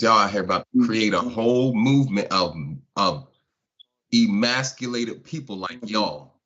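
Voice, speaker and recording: A man's voice: on the low side, sharp tone. A man hosting a live stream, talking casually and mocking his chat with laughs. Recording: dull lo-fi stream audio.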